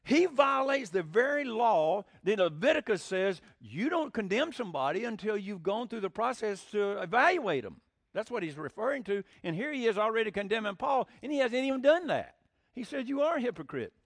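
A man's voice: high voice, sing-song, moderate pace, fairly bright tone, no room sound, studio quality. A man teaching the Bible in a folksy, conversational sermon, asking rhetorical questions and acting out quotes. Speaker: preacher.

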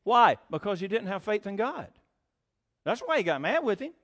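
A man's voice: high-pitched, big pitch swings, normal speed, fairly bright tone. A man preaching a sermon, asking the congregation questions, acting out quoted voices and laughing often.

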